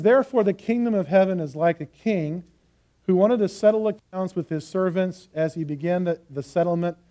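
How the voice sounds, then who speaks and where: A man preaching a sermon and teaching a parable, earnest and emphatic, slowing down to stress key phrases. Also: high-pitched, mellow.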